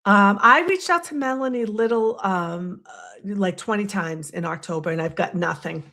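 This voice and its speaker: A woman's voice: medium pitch, moderate pace, vocal fry, pushed and bright. A woman with a Boston accent hosting a casual livestream, chatty and rambling, poking fun at herself. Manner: chatty and rambling, self-deprecating. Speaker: livestream host.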